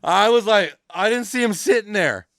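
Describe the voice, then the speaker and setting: A man hosting a podcast, telling a story in animated, profane, casual talk and acting out the voices of people in it. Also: high voice, normal speed, gravelly, dry recording, clean studio sound. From California. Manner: animated, swears constantly, acts out voices in his stories. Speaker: podcast host. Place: podcast studio.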